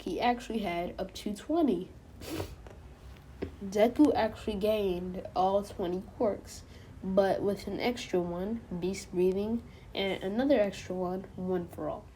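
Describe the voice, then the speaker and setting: A woman's voice: mid-range voice, measured pace, mellow, a little hiss or hum. A woman casually retelling a fan-made story, rambling along with lots of fillers and stopping to correct herself. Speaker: channel host.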